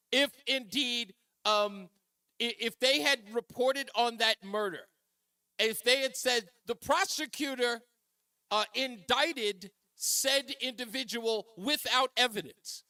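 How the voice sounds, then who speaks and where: A man hosting a call-in talk radio show, taking callers and reacting with energetic interjections. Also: extremely high pitch, no echo, clean studio sound. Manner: energetic, quick agreeing interjections.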